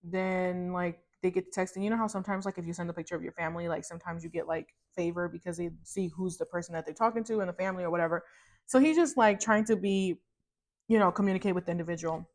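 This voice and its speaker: A woman in her thirties, a podcast host, telling a personal faith testimony in casual chat, animated and rambling with many fillers and restarts. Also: lowish voice, fast talker. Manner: animated, acts out her own reactions in quotes.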